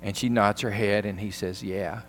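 A pastor giving a sermon, retelling a film scene in an animated, emphatic way. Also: male voice, fairly low pitch, normal speed, a little hiss or hum.

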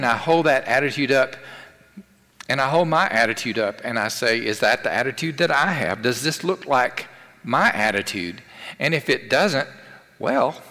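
A man preaching a sermon with rhetorical questions and emphatic repetition. His voice sits at an ordinary middle pitch. The sound carries a long, lingering hall reverb. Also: normal speed, pushed and bright. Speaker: pastor.

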